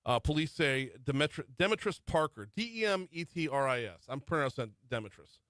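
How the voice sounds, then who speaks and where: A man's voice: on the high side, animated, brisk, fairly bright tone, no echo. A middle-aged man hosting a morning talk radio show, running through the news with chatty asides. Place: radio studio. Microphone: studio microphone.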